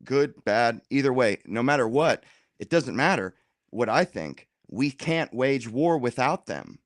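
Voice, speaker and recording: A man argues his side in a casual roundtable with slangy, animated delivery. His voice sits at a middle pitch. The sound is dry and close, with no room echo. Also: a little slow. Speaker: roundtable guest. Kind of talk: casual political debate.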